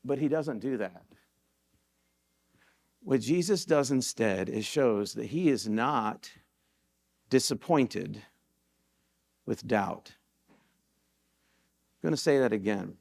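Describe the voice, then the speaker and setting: A male pastor giving a sermon in a church, telling stories in a relaxed, conversational way and repeating key points for emphasis. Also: mid-range voice, takes it slowly, vocal fry, pauses often. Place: church sanctuary.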